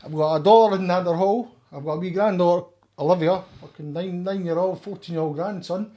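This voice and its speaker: A man's voice: sits high, fairly quick, dark tone. An older Scottish man talking as a podcast guest, blunt and rambling, with frequent swearing. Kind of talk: casual conversation.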